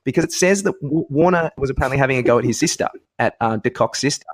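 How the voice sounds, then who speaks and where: A man's voice: medium pitch, fast, no echo. A man co-hosting a podcast, chatting in a laid-back way and telling stories. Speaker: podcast co-host. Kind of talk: casual banter.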